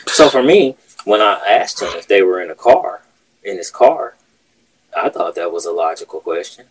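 A man's voice: deep voice, lively intonation, moderate pace, husky, poor audio. A man hosting a podcast, telling a workplace story in casual, profane chat. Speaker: podcast host.

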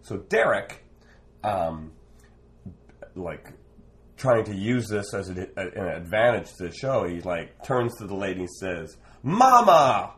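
A man's voice: sits low, measured pace, pauses often. A man from Canada, a former street performer, telling a rambling anecdote in conversation. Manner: rambling, animated anecdote with fillers. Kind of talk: storytelling in conversation.

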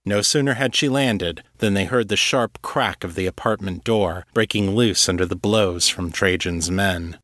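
A man narrating a serialized fantasy story in a steady, measured way. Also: deep voice, no echo, clean studio sound. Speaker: narrator and author. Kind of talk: scripted audiobook narration.

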